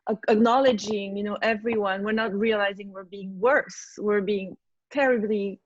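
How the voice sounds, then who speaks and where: A woman's voice: medium pitch, fairly even intonation, moderate pace, dry recording, muffled recording. A woman with a French accent hosting a podcast, hesitant and searching for words. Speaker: podcast host. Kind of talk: casual podcast chat.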